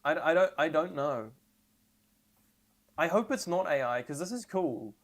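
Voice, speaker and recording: A trans woman streaming live and reacting to memes, rambling and sarcastic with deadpan asides, and tired. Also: deep voice, a little slow.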